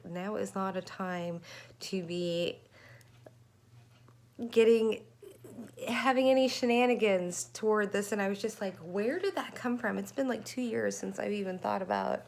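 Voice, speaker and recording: A woman tarot reader in a rambling, chatty vlog, often stopping to correct herself. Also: mid-range voice. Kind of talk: casual tarot reading chat.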